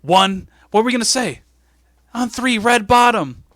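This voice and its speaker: A man's voice: on the high side, normal speed, vocal fry, bright, forceful tone, no echo, studio quality. A man voicing a pompous older male wrestling boss who barks orders at his team. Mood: rallying.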